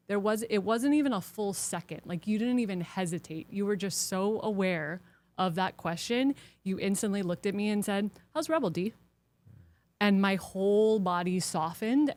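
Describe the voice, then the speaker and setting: A woman hosting a podcast, telling a personal story in a heartfelt, animated way during a casual conversation. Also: mid-range voice. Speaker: podcast host.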